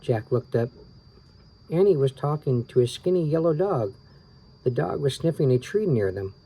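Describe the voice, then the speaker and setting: A man reading a children's book aloud, relaxed and tired, stopping for small asides and rereading his slips. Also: mid-range voice, moderate pace, slightly rough, low-quality recording. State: tired, yawning. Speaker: reader of children's books.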